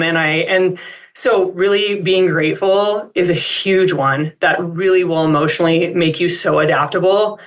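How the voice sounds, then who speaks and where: A woman's voice: lowish voice, steady tone, normal speed. A woman speaking as an expert guest on a coaching call, reflective and upbeat, with many casual fillers.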